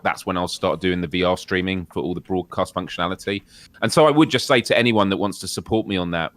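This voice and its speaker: A man's voice: low voice, fairly bright tone, no echo. A British man co-hosting a gaming podcast, joking and laughing often in casual chat. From United Kingdom. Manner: jokey, laughs often, chatty. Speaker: podcast co-host.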